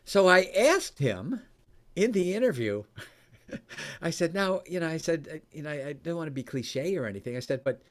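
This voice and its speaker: A man telling a story in conversation, animated and laughing often, his voice jumping high when excited. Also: normal speed. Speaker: coach and former radio host.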